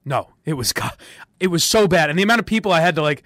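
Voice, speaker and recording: A man's voice: fairly high pitch, quick pace, no echo, clean studio sound. A man hosting a sports radio podcast, chatting casually with strong opinions, rambling and laughing often. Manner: rambling, animated, laughs often, restarts sentences.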